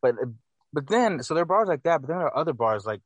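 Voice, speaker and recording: A man's voice: fairly high pitch, sing-song, fast, dry recording. A man co-hosting a casual album review, critical and hesitant, correcting himself often.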